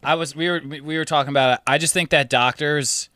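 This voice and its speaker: A man's voice: fairly high pitch, steady tone, fast, sharp tone, no room sound, clean studio sound. A man co-hosting a casual chat, wry and teasing, asking follow-up questions. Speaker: podcast co-host.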